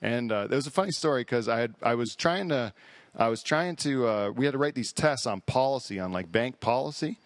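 A man's voice: mid-range voice, lively intonation, brisk, dry recording. A man hosting a podcast in casual chat, telling rambling, profane stories and laughing at his own jokes. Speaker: podcast host. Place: studio hall.

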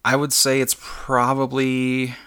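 A man's voice: mid-range voice, monotone, slow, pushed and bright, smooth. A man speaking as a podcast guest in casual chat, hesitant, with lots of fillers and laughs.

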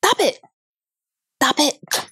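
A woman's voice: slow, sharp tone. A woman co-hosting a podcast, chatting casually, teasing and playfully scolding her partner. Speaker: podcast co-host. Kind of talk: casual chat.

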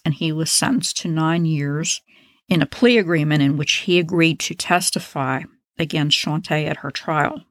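A woman's voice: low voice, no echo. A woman hosting a true crime podcast, telling a case in a casual, blunt, opinionated way with profane asides.

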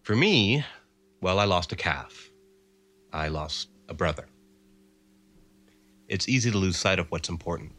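On stage, a Canadian man shares a comic tale from his own life, lurching from quiet murmurs to forceful outbursts. His voice is low-pitched with lively intonation, and he speaks a little slowly with long pauses.

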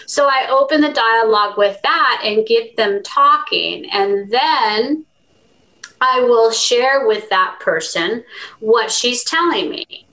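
A woman guest on a podcast, talking earnestly and warmly about her work as an animal communicator in a relaxed interview. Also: fairly high pitch, slow pace, low-quality recording. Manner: earnest, heartfelt storytelling. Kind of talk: conversational interview.

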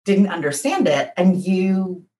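A woman guest on a podcast who talks in an outspoken, animated way and laughs often while telling stories. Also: on the low side, measured pace. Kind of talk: casual chat. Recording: roomy echo.

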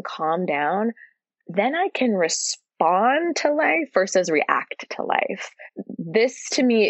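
Earnest woman with a low, dry voice. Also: no room sound. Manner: earnest and animated storytelling, draws out key words. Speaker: podcast guest, yoga teacher. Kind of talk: casual podcast conversation.

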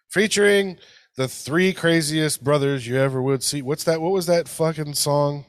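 A man with a slightly raised pitch hosts a loose podcast with his brothers. He jokes, swears and laughs easily, and his voice comes through dry and close over a video call. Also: normal speed, no room sound. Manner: joking, swears, laughs often. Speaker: podcast host. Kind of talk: casual chat among brothers.

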